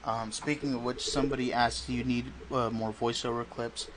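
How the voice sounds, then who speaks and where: A man hosting a casual podcast, rambling in a relaxed way with many fillers. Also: mid-range voice, fairly quick, slight background noise, rough recording. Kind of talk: casual chat.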